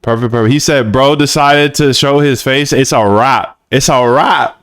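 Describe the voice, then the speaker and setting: A young man live-streaming while coding a trading bot, chatting casually with viewers in slangy banter, sometimes flat and monotone, sometimes lively. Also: mid-range voice, moderate pace, clean tone. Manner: laid-back slangy banter with chat, shifts between flat monotone and lively bursts.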